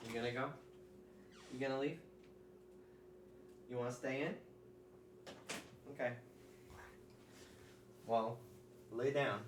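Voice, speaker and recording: A man's voice: mid-range voice, steady tone, slow, long pauses, noisy background. A man streaming a video game who chats casually and coos baby talk at his dogs. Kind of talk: casual live-stream chat while gaming.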